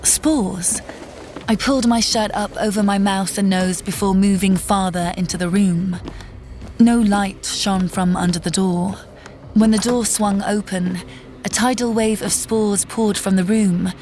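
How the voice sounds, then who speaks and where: A woman reading a first-person horror story in a tense, measured storytelling manner. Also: mid-range voice, fairly even intonation, a little mellow, slight background noise. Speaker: narrator. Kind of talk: scripted horror narration. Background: faint music.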